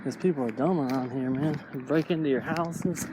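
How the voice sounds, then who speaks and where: A man's voice: medium pitch, normal speed. A man in his late thirties talking casually while walking outdoors, rambling and saying "man" a lot. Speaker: vlogger. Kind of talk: casual walking vlog monologue. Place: outdoors on a neighborhood street. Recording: noisy outdoor street recording.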